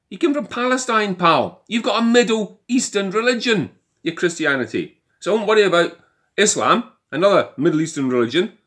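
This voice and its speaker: An older man with a Scottish accent, delivering an animated opinion monologue full of rhetorical questions. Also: high-pitched. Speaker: commentator.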